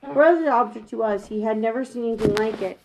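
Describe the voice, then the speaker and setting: A woman with a fairly high voice reads a children's chapter book aloud at an unhurried pace. She reads gently and sometimes stops to correct a slipped word. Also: gravelly, background noise. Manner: gentle reading with occasional self-corrections. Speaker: storybook reader.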